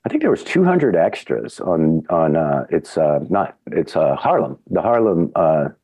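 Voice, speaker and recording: A middle-aged man, a podcast guest, tells a casual anecdote, acting out quotes with big jumps in pitch. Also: big pitch swings, measured pace, mellow, husky, no echo.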